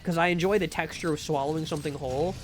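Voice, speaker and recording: Young male streamer, high-pitched, rambling casual chat with restarts, at a desk mic. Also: steady tone, fast, background noise. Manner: rambling, many fillers and restarts. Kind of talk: casual livestream chat while gaming.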